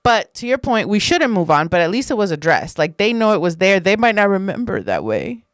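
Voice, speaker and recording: A woman's voice: medium pitch, big pitch swings, a little fast, dry recording, studio quality. A woman in her thirties co-hosting a podcast, speaking frankly and playfully in casual slang. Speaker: podcast co-host. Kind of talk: casual candid conversation.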